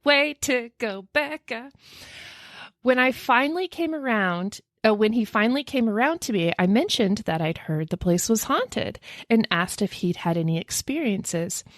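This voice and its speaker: A woman's voice: medium pitch, moderate pace, few pauses, dry recording, studio quality. A woman co-hosting a podcast, reading a listener's email aloud in casual chat and gasping and laughing as she tells it. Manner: animated storyteller, gasps and laughs often. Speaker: podcast co-host.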